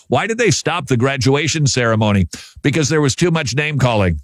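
A man's voice: mid-range voice, big pitch swings, fairly quick. A male talk radio host with a mid-range voice, chatting in a wry, offhand way. He reads listener mail and chuckles at his own asides. The sound is dry and close, with no room echo. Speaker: radio show host reading listener emails. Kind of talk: casual chat.

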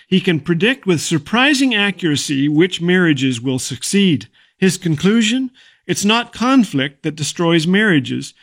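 Middle-aged male radio host, higher pitch, light humorous devotional delivery. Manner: jokey, warm storytelling with chuckles.

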